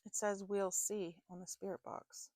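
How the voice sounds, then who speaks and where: A woman's voice: mid-range voice, flat delivery, normal speed, a little mellow, dry recording. A North American woman doing a casual tarot and spirit box reading, musing aloud and often checking in with "okay?". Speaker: tarot reader.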